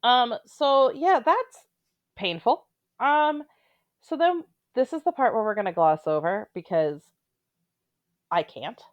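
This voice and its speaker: A woman's voice: on the high side, lively intonation, slow, long pauses, no echo, muffled recording. A woman giving casual, opinionated commentary on a reality show, with blunt, sarcastic asides.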